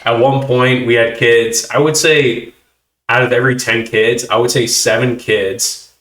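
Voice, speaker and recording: A man hosting a casual chat, telling stories with animated voices for the people in them. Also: mid-range voice, unhurried, echoey room. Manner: animated storytelling, acting out kids' reactions. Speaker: host.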